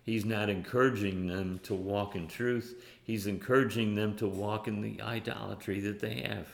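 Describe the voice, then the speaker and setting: Deep-voiced male preacher in an echoey room. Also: fairly even intonation, creaky. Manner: earnest, halting, with repeated restarts; reads scripture in old-fashioned phrasing. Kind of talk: sermon.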